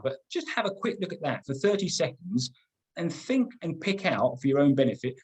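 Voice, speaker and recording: Middle-aged man, slightly husky webinar trainer, emphatic, repeats himself. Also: medium pitch, darkish tone, poor audio. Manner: emphatic, repeats words and restarts often. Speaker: business trainer. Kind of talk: webinar teaching.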